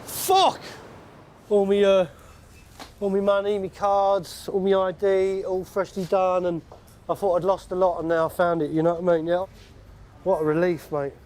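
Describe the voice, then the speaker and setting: A man's voice: high-pitched, little pitch movement, normal speed, darkish tone, slight background noise. A man, a psychiatric inpatient out on leave, talking casually and constantly adding "you know what I mean". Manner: chatty, peppers talk with "you know what I mean" and laughs. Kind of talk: casual chat while out and about.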